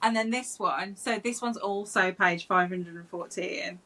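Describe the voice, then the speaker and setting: A woman's voice: medium pitch, measured pace, sharp tone, low-quality recording. A woman co-hosting a podcast, chatting casually about a book, giggly and swearing casually. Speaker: podcast co-host.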